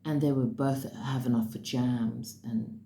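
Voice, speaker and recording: A woman's voice: a bass voice, steady tone, a little slow, vocal fry, mellow. A woman casually retelling a dream as a spiritual message, talking with bursts of emphasis. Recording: roomy echo with faint background noise.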